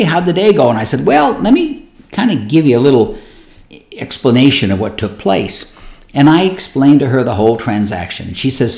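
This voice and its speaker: A man preaching as a pastor, telling personal stories in a conversational way and acting out the people he quotes. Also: roomy sound. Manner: conversational, acts out quoted voices with lively pitch jumps. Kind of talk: sermon storytelling.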